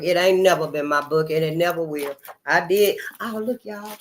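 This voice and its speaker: A woman with a fairly low voice hosts her channel, speaking at a normal pace over slight background noise. She talks straight to her viewers in a casual monologue, emphatic and folksy, calling them honey and y'all.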